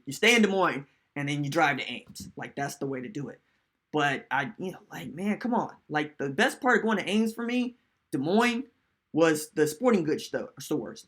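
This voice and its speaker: A man hosting a live-stream sports podcast in casual, animated chat, reading viewer comments aloud. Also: fairly high pitch. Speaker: podcast host.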